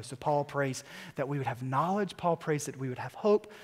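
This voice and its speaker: A man in his thirties preaching a sermon in a church, telling a story with quick, lively asides. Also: on the high side. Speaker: pastor. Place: church sanctuary. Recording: long church hall reverb.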